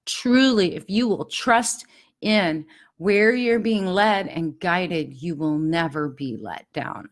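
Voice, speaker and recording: A middle-aged woman hosting a podcast, giving an earnest, confiding personal spiritual talk. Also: on the low side. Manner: earnest, confiding, animated when recalling pleas. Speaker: podcast host.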